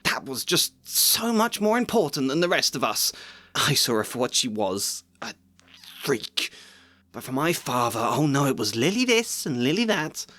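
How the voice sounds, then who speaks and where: A man's voice: mid-range voice, big pitch swings, normal speed, pushed and bright, no room sound, voice pushed up. A man reading aloud and voicing a bitter, jealous middle-aged aunt who shrieks and rants. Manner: shrieking, ranting.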